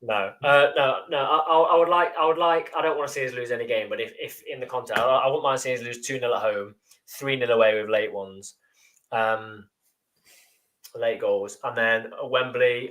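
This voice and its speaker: A man co-hosting a live football fan show, chatting casually with dry, deadpan jokes and reading out viewer comments. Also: medium pitch, moderate pace. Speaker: podcast co-host.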